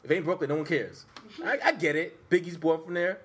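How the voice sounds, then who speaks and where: A man's voice: on the high side, quick pace, husky. A man ranting and joking in casual sports podcast banter. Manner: animated ranting, joking slang. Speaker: podcast co-host.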